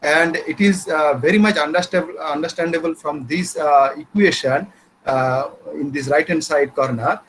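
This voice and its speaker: A man with an Indian English accent delivers an academic lecture in a somewhat high voice. He explains each point patiently, often hesitating mid-sentence as he searches for words. A faint background hiss stays under his speech. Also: a bit bright, low-quality recording. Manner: measured, explanatory, frequent hesitations.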